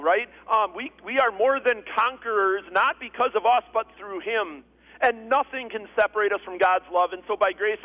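A pastor delivers his sermon in a high, earnest man's voice, circling back to repeat key phrases for weight. The recording is dull and lo-fi, like a modest church capture.

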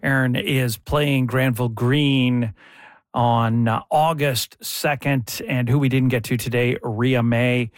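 A man hosting a radio show, moving between music notes and relaxed, playful banter with his co-hosts. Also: medium pitch, takes it slowly, no room sound, studio quality. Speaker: radio host. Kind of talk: casual radio chat.

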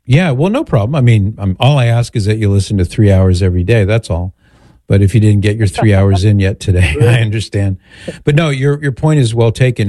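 A man hosting a call-in radio show, talking with a caller in a relaxed, conversational way. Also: fairly low pitch, dry recording, studio quality. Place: radio studio.

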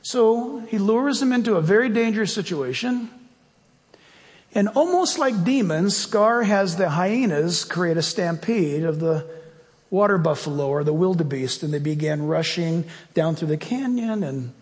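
A man's voice: high-pitched, expressive, unhurried, darkish tone. A male pastor preaching emphatically and praying fervently. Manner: emphatic, rising to fervent prayer. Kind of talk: sermon and prayer. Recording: long hall reverb, faint music.

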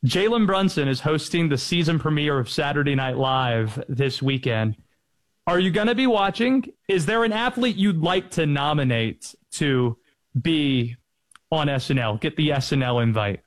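A man's voice: on the high side, lively intonation, moderate pace. Playful male sports radio host. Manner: laughing, playful quizzing. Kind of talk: casual radio banter.

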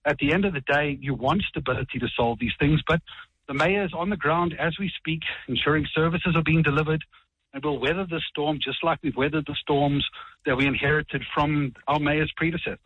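A man's voice: a little high, slightly rough, dry recording, narrow, tinny audio. A South African man making assertive, point-by-point rebuttals in a broadcast political debate. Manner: assertive, rapid rebuttals, quotes rules. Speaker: political party spokesman.

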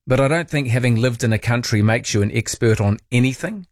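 A man's voice: mid-range voice, fairly quick, hardly any pauses, no room sound. Nz guy hosting overnight talk radio, chatty, reading out texts, dry close studio mic. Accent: New Zealand. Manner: chatty, reads listener texts aloud and muses on them. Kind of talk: late-night talkback radio. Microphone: studio microphone.

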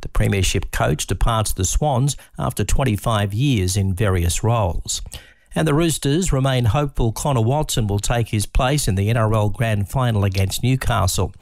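A man reading a radio news bulletin with a steady, formal delivery. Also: fairly low pitch, normal speed, dry recording, clean studio sound. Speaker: newsreader.

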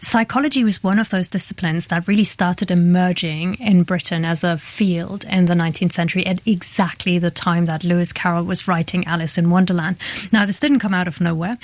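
A woman's voice: mid-range voice, no echo. A woman academic guest on a radio programme, explaining her subject articulately. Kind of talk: radio interview.

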